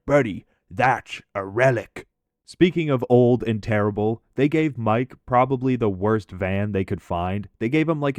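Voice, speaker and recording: A man casually telling funny stories about an old coworker as commentary over gameplay, talking in a lively, profane way. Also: fairly low pitch, dry recording. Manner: animated, profane, conversational. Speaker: gaming commentator and storyteller.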